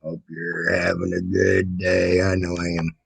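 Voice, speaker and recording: A man's voice: low-pitched, completely flat delivery, measured pace, gravelly, slightly rough, low-quality recording. A man hosting a casual livestream, greeting viewers by name and rambling with many fillers and restarts. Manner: mocking singsong when teasing. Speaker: livestream host.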